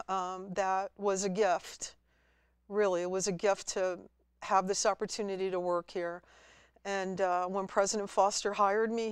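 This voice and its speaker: Very clear-voiced woman telling her story. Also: medium pitch, no echo, studio quality. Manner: animated, acts out her own past words. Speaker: college staff guest. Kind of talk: storytelling interview.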